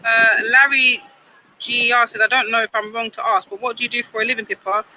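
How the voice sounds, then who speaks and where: Young woman, bright tone, playful chatty banter, reading chat comments live, outdoors, faint traffic behind. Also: a little high, flat delivery, fairly quick, low-quality recording. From Grenada and Saint Vincent. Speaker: football fan streamer. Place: outdoors near a football stadium.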